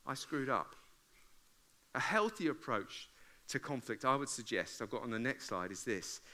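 Animated preacher with a bright voice. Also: male voice, medium pitch, normal speed. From England. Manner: animated, acts out arguments with loud outbursts; humorous, conversational. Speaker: pastor. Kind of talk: sermon. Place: church service before a congregation.

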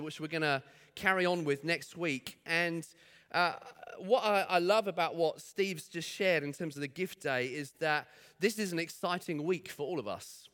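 A male pastor delivering a sermon in church, chatty and story-driven. His voice sits a little high and rings bright and forceful.

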